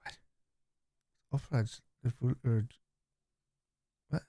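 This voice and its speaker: Man, fan channel host, casual chat reply, blunt and sweary, mellow tone, dry close sound. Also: medium pitch, steady tone, slow, breathy edge, no room sound. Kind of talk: live match watchalong, reading chat.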